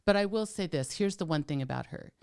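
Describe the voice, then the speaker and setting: A woman's voice: on the low side, animated, a little fast, vocal fry, smooth. A woman co-hosting a podcast in casual chat, chatty and teasing, with plenty of "like" and "um". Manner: chatty, warm-hearted, teasing, lots of "like" and "um". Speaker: podcast co-host.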